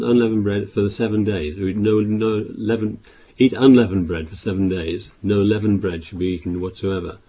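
A man preaching a sermon, reading scripture aloud louder and explaining it with halting restarts and repeated words. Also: on the low side, a little hiss or hum.

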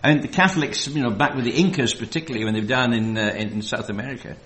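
Man preaching, slow emphatic scripture reading. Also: medium pitch, fairly bright tone. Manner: reads scripture slowly and emphatically, loose asides with fillers. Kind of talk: sermon, Bible study.

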